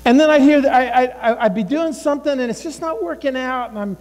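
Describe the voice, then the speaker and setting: A man's voice: extremely high pitch, fast talker, darkish tone. A middle-aged male pastor preaching in a conversational style, repeating himself and acting out other people's words. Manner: conversational, repeats words, acts out quoted voices. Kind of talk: sermon. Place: church sanctuary. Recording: long hall reverb.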